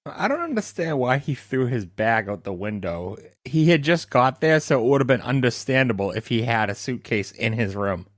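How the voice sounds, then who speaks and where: Male podcast co-host, very lively pitch, emphatic and foul-mouthed, dry close sound. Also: normal speed, hardly any pauses, no room sound. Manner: emphatic, swears freely. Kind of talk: casual chat.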